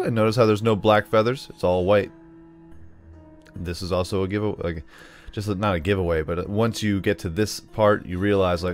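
Playful low-voiced gaming host. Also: male voice, lively intonation, moderate pace, soft background music. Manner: playful, rambling, explains puzzle steps aloud. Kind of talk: let's play commentary.

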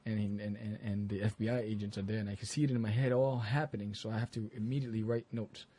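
A man's voice: fairly low pitch, steady tone, fast talker, warm tone, husky. A man, a comic creator talking in a casual podcast roundtable, rambling through stories with many restarts.

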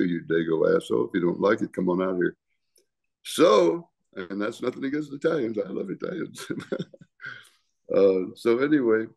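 A man's voice: deep voice, gravelly, darkish tone. An older man, a retired ballplayer, telling profane stories in a casual interview and chuckling often. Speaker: retired baseball pitcher.

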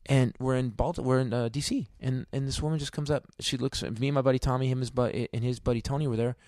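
A man's voice: medium pitch, steady tone, fast, a little mellow, dry recording, clean studio sound. A middle-aged man, a guest comedian, telling a story on a podcast in a rambling way, full of restarts. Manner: rambling, self-interrupting, many restarts. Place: podcast studio.

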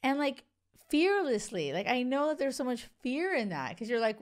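Solo podcast host, female, coach type, frank and chatty, clean smooth tone. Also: high voice, normal speed. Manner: frank, animated and conversational, with frequent quoted self-talk.

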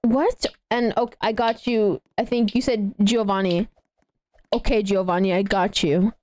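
A young woman in her late teens with a girlish, childlike voice, chatting excitedly and giggling as she streams a game and thanks donors. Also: medium pitch, a little slow. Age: young adult. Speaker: live streamer. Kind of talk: casual livestream gaming chatter.

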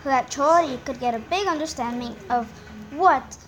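A woman's voice: sits high, normal speed, poor audio. A teenage girl hosting a casual gameplay video from home, chatty and rambling, often joking at herself. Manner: chatty, rambling, self-mocking. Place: home room, others nearby.

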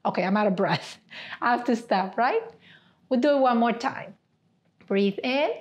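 In an unhurried, fairly high voice, a female yoga therapy instructor talks a seated class through gentle step-by-step cues. She regularly adds "right?" to check in.

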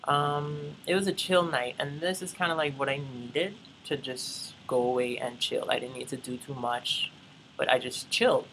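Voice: mid-range voice, moderate pace, fairly bright tone, slight background noise, low-quality recording. A young adult from the Bahamas, telling a rambling, chatty travel story and talking straight to viewers. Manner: chatty, addresses viewers as y'all, rambling asides. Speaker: vlogger. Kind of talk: casual travel vlog storytelling.

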